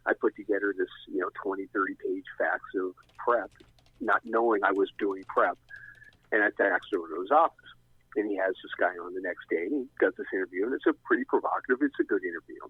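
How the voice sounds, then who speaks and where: A man's voice: lowish voice, breathy edge, dry recording. A middle-aged man telling a long story as a guest, rambling and restarting often. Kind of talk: casual storytelling. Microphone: phone. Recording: tinny, dry phone line.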